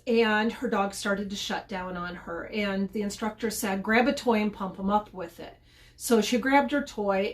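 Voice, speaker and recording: A middle-aged woman hosting a casual advice vlog, chatty and often repeating words as she restarts. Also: mid-range voice. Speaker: podcast host and dog trainer.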